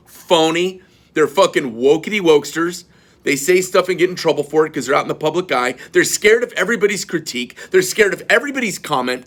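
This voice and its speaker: A middle-aged man, a knife company owner, telling a story in a blunt, profane and animated rant. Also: fairly high pitch.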